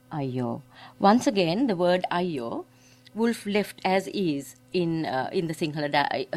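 A woman giving a keynote academic lecture, explaining carefully and pausing to search for words. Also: on the low side, a little mellow. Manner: explanatory, reads extracts aloud, searches for words. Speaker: keynote speaker.

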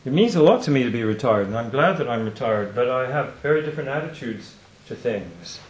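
An older man giving reflective closing remarks at a conference, and slowing down to stress lines of poetry. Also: mid-range voice, animated, highs cut off. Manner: reflective, recites poetry with slow emphasis. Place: lecture room. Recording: roomy hall echo.

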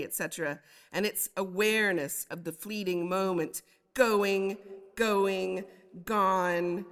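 A woman lecturing on poems and reading them aloud, thoughtful and unhurried, with frequent ums. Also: medium pitch, a bit bright, big-room sound. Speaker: literature lecturer.

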